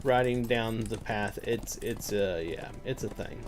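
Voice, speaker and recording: A man's voice: lowish voice, a little slow. Sarcastic man commenting on his gameplay. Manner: sarcastic, ranting asides. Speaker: gameplay streamer. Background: faint game music.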